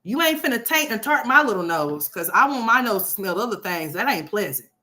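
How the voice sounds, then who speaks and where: Brash, bright-voiced woman ranting. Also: medium pitch, animated, fairly quick. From Oklahoma. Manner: brash, profane, loud sassy rants. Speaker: commentary host. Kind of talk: livestream commentary on a reality video.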